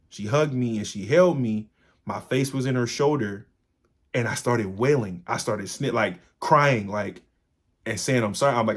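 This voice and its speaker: A man hosting a solo podcast, talking in an earnest, confiding way and telling stories loosely with frequent asides to his listeners. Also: medium pitch. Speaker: podcast host. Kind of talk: candid solo talk.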